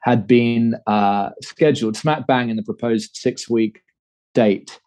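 A man's voice: medium pitch, takes it slowly, a little mellow, no room sound, rough recording. A man in his thirties with an English accent, telling a long personal story in an interview, with many fillers and restarts. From England. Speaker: guest. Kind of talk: conversational storytelling.

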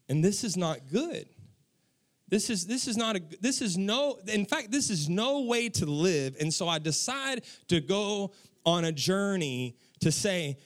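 A man with a notably high voice preaches a sermon, his pitch swinging widely as he tells a story. He acts out his own past lines with lively, animated delivery. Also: measured pace. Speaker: pastor.

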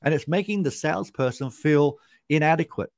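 A man's voice: fairly high pitch, moderate pace, no echo, studio quality. A man, a sales trainer explaining his method as a podcast guest, punchy and repeating key points for emphasis.

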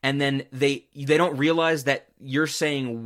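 Guy ranting about a movie on a podcast, bright tense voice, swears a lot. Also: mid-range voice, flat delivery, moderate pace, hardly any pauses. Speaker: podcast host. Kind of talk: casual chat.

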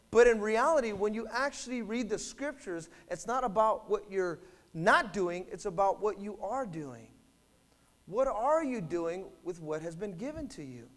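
A pastor whose male voice sits high delivers a forceful church sermon. He draws the congregation into call-and-response, alternating loud outbursts with soft asides.

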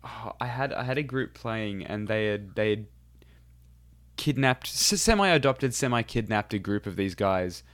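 A man's voice: on the low side, animated, measured pace, fairly bright tone, no echo, studio quality. A man who runs tabletop games, chatting casually as a podcast co-host, rambling and giggling through his stories. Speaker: game master, podcast co-host.

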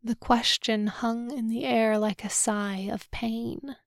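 A woman narrates a novel in the first person with a measured, solemn delivery. Her fairly high voice has a gravelly texture and stays flat, moving slowly. The recording is dry and close. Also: no echo. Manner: measured, subdued, solemn reading. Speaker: audiobook narrator.

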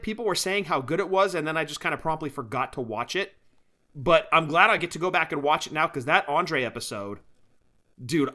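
Chatty co-host, male, bright and eager, upbeat casual podcast talk. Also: fairly high pitch. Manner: enthusiastic, chatty, laughs often. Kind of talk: casual chat.

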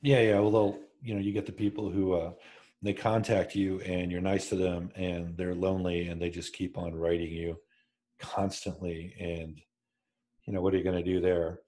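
A man co-hosting a writing podcast, joking drily and pausing with hesitant fillers. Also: deep voice, level tone, mellow. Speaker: podcast co-host, author. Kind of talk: podcast chat.

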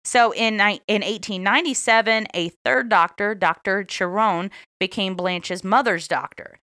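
A woman's voice: medium pitch, normal speed, pushed and bright, clear, resonant tone, no echo, studio quality. Woman co-hosting a true crime podcast. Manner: reads case notes, laughs often. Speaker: podcast co-host.

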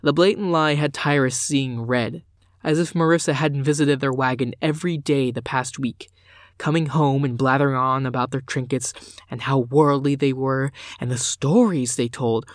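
Male audiobook narrator, mid pitch, measured pacing, dry close sound. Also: steady tone, dry recording.

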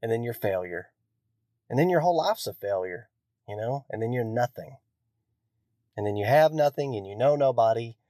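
A man's voice: medium pitch, dark tone, no room sound, studio quality. A man hosting a solo podcast, ranting in a bitter, profane, self-lacerating way, rambling with many restarts. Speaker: podcast host. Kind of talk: solo rant.

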